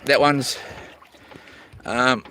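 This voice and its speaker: A man's voice: medium pitch, steady tone, drawn-out words, sharp tone, a little hiss or hum. A man chatting with viewers while fishing outdoors on the ocean, rambling and swearing in mock-grumpy jokes. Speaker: fishing vlogger. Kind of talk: live-stream chat with viewers.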